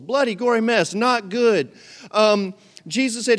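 A pastor in the pulpit, a man with a notably high-pitched voice who preaches with animated swings between loud, punchy lines and quiet asides. He slips into little voices for the people in his stories and keeps a joking, conversational tone. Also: a little slow. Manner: animated, acts out voices and jokes. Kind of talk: sermon.

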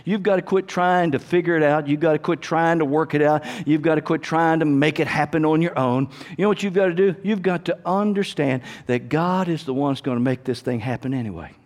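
Older male pastor, high voice, sermon storytelling with frequent restarts and amens. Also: a little fast, few pauses, darkish tone. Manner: repetitive restarts, call-and-response amens.

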